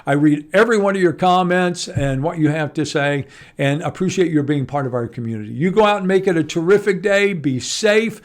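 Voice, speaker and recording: A man, a morning TV news host giving a casual at-home news update, chatty and animated, with asides to viewers. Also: a little high, brisk.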